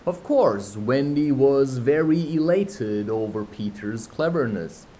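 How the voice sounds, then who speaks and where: A man's voice: medium pitch, animated, warm tone, a little hiss or hum, rough recording. A man reading a classic children's novel aloud, breaking off now and then for chatty, self-mocking asides. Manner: unhurried, chatty asides, laughs at himself. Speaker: audiobook reader.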